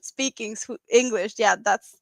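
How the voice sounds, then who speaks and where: A woman speaks English with a Swedish accent, sometimes stumbling and searching for the right words. Her voice sits a little high. The sound is close and dry, with no room echo. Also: measured pace, gravelly, fairly bright tone. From Sweden. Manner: searches for words, restarts often, laughs easily. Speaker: guest crocheter. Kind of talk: casual livestream chat.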